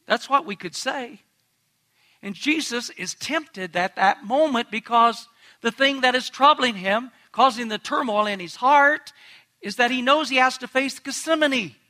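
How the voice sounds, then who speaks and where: A man's voice: high voice, expressive, normal speed, gravelly, pushed and bright. A man pastor preaching a sermon in an earnest, emphatic way, asking the congregation direct questions.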